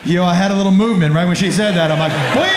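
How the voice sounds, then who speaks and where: A man's voice: high-pitched, reverberant, very noisy. A man telling a crude, self-mocking stand-up story on a comedy club stage.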